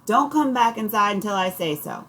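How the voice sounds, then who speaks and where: A woman's voice: medium pitch, normal speed, slight background noise, voice pushed up, close to an everyday voice. A woman voicing an exasperated, short-tempered mother who scolds her children.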